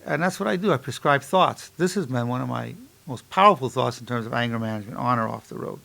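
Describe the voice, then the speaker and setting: A man in his sixties lectures as a psychologist, with a gravelly, creaky edge to his mid-pitched voice. He pushes hard on key points, then drops into slow, soft repetition to guide listeners through a calming exercise. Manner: repeats affirmations slowly and softly during exercise.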